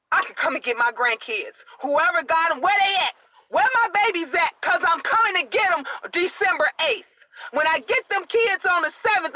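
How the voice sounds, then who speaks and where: Middle-aged woman, high and bright, excited and preachy live-stream host, faint hiss behind. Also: low-quality recording. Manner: excited and preachy, encouraging viewers. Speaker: vlogger.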